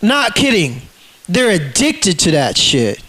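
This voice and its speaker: High-voiced man in an agitated, profane rant. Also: wildly swooping pitch, takes it slowly, pushed and bright. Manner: profane, agitated, repeats himself. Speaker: vlogger. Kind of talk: ranting monologue to camera.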